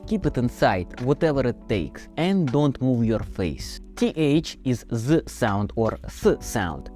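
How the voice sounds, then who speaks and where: Deadpan Russian-accented man. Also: medium pitch, slow, soft background music. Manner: deadpan, mock-stern. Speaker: English teacher. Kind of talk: comedic tutorial.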